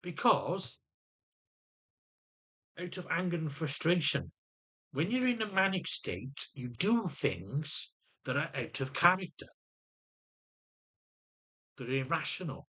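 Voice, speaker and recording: A man's voice: fairly high pitch, sing-song, slow, pauses often, bright, forceful tone, slightly rough. Agitated man ranting. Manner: agitated, repeats words and restarts often. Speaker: vlogger. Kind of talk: angry personal rant to camera.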